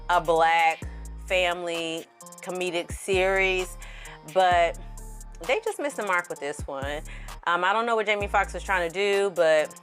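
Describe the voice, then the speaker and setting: A woman's voice: on the low side, fairly bright tone. A woman giving a candid, blunt review to camera in a casual, rambling way, a little tipsy, with laughs. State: slightly tipsy. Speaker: film reviewer.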